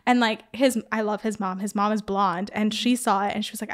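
A woman's voice: medium pitch, fairly even intonation, brisk. A young woman from Iran, a podcast guest, talking casually and filling her sentences with "like.". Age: young adult. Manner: chatty, frequent "like" fillers. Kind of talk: casual interview.

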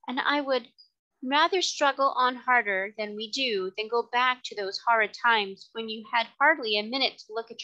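A woman's voice: on the high side, pushed and bright, lo-fi sound. A woman reading a firm, loving cabman's wife. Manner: slow and firm.

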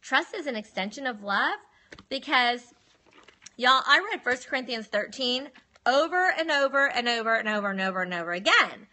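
Woman, forties, bright voice, lively personal storytelling, phone livestream. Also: fairly high pitch, normal speed. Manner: animated, addresses viewers as y'all. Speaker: livestreamer sharing her life story.

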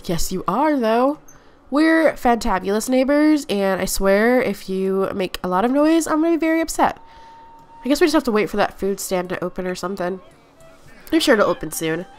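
A young woman giving chatty Let's Play commentary, talking to her game characters, her nose stuffy from allergies. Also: mid-range voice. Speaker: gaming YouTuber.

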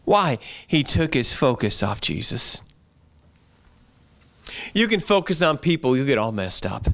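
A man preaches in a church with a voice of ordinary middle pitch. His delivery is earnest and conversational, and he circles back over the same phrases again and again. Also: very animated, a little slow, fairly bright tone. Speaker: pastor. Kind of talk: sermon.

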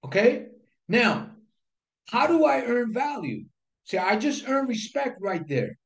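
A man's voice: very high voice, sing-song, slow, gravelly. Man, sales coach, emphatic, repeats key points, rhetorical questions, roomy echo. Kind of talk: instructional talk to camera. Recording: echoey room.

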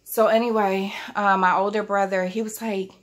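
A woman's voice: medium pitch, flat delivery, normal speed. A woman vlogger telling a childhood storytime at home, chatting straight to her viewers. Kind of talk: casual storytime vlog. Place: at home, family in the house.

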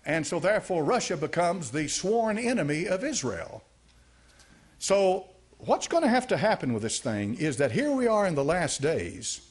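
A man's voice: high-pitched, big pitch swings, moderate pace, slightly rough. A man preaching a sermon as a pastor, emphatic, driving points home with repeated phrases.

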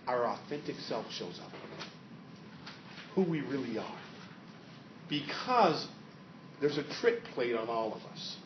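A male network marketing trainer giving a dramatic motivational talk, quizzing his live seminar audience. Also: mid-range voice. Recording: echoey hall, distant, dull and noisy.

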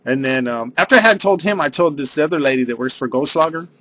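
A man's voice: fairly high pitch, fast, a bit bright. A man, rambling through a casual vlog monologue and saying "dude" a lot. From San Diego area. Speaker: vlogger.

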